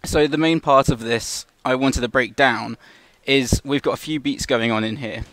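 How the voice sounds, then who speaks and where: A man's voice: mid-range voice, steady tone, normal speed, a bit bright, no echo. A man casually talking through an animation shot as a tutor, restarting sentences as he explains. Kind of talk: live tutorial walkthrough.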